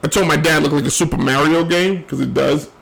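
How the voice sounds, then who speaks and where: A tired man, voice going after a long day, hosts his own sports show with emphatic, rambling opinions and repeated key phrases. His voice is a little high, gravelly, and a bit bright, and he talks briskly. The audio is poor.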